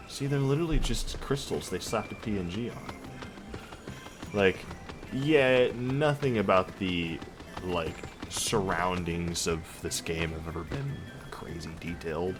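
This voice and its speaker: A man with a lowish voice streams a game and tosses off wry, laid-back remarks. Clear game music plays behind his talk. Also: unhurried. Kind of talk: casual gameplay commentary.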